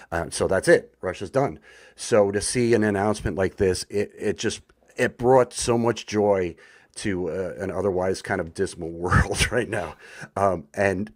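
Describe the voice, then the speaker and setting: A man with a very low voice speaks as a podcast guest. He talks candidly and with enthusiasm, dropping in fillers as he goes. The sound is dry and close. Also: no room sound. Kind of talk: casual conversational podcast.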